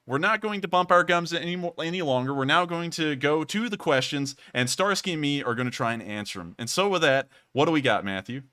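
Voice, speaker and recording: Bright, crisp-voiced male livestream host. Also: mid-range voice, dry recording. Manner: effusive, thanks donors at length. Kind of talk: charity livestream hosting.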